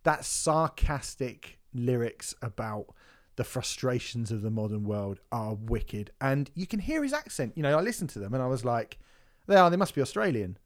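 A man's voice: medium pitch, sing-song, moderate pace. A man raves about a hardcore album on a music podcast. He swears freely and doubles back on his sentences. His voice sits in an ordinary mid register. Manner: enthusiastic, sweary, trailing restarts. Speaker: podcast co-host reviewing an album. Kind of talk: casual music review chat.

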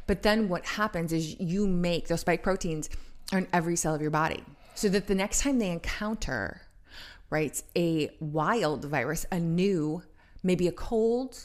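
A woman's voice: fairly low pitch, measured pace, a little mellow. A woman co-hosting a podcast in casual chat, explaining things at length with lots of fillers and restarts. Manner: chatty, rambling explanations with many fillers. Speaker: podcast co-host.

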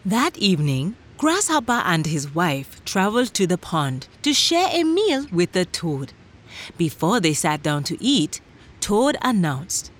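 A woman narrating a children's story in a gentle, expressive way, speaking directly to young listeners. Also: fairly low pitch, unhurried.

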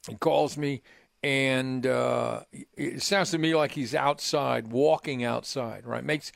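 An older male sports radio host with a gravelly, mid-pitched voice. He talks in loose, rambling stories, restarting phrases and tossing in "right?" as he goes. The sound is close and dry, recorded at a studio microphone. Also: fairly even intonation, takes it slowly, no room sound. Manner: rambling anecdotes with many restarts and "right?" tags. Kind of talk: casual radio storytelling.

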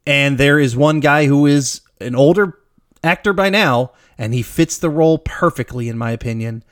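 A man with a fairly high voice co-hosts a podcast at a normal pace, chatting with enthusiasm, laughing easily, and frequently restarting sentences. The sound is dry and studio quality.

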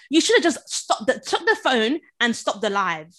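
A high-voiced woman co-hosts a casual podcast with dramatic, expressive reactions. Her pitch leaps around, and her tone is bright and forward. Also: normal speed. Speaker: podcast co-host. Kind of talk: casual chat.

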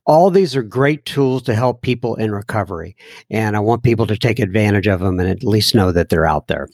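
A man's voice: mid-range voice, a little mellow, no echo, studio quality. A man hosting a recovery podcast, folksy and earnest, chatting and reading listener letters aloud. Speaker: podcast host. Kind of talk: casual recovery podcast talk.

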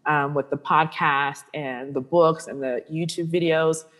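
A woman's voice: deep voice, a little slow. A woman sexuality coach speaking candidly as an interview guest, animatedly acting out the voices of people she quotes. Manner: animated storyteller who acts out quoted voices.

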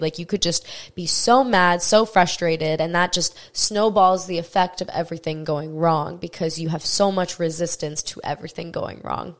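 A young adult woman hosting a self-help podcast, talking straight to the listener in a frank, swearing, coaching way. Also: fairly low pitch. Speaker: podcast host. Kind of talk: casual self-help monologue.

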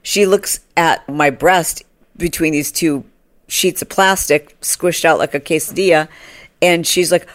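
A woman in her forties hosting a podcast, telling a funny story in a casual way and acting out other people in a high voice, with laughs along the way. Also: a little slow, no echo, clean studio sound. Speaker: podcast host.

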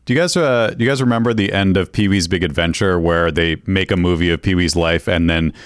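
Low-voiced male co-host, playful. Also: brisk, clear, resonant tone, no echo, clean studio sound. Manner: easygoing, playful banter. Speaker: podcast co-host. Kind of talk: casual comedic chat.

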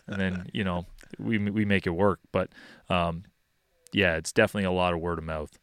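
Young man, hockey coach, deep resonant voice, laid-back talker with plenty of fillers. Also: a little fast, dry recording, studio quality. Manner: relaxed and rambling, many fillers like "you know" and "um". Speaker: hockey skills coach and podcast guest. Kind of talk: casual interview chat.

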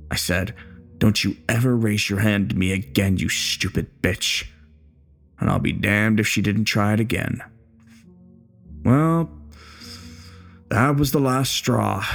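A bitter old war veteran, acted by a man, in a horror story, with a low, gravelly voice. He talks coarse and profane, taunting and menacing by turns.

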